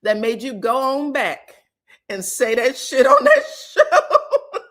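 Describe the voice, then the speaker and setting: Animated woman recapping reality TV drama. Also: high-pitched, takes it slowly. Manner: animated, acts out quotes with loud outbursts and laughter, profane. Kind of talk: casual recap commentary.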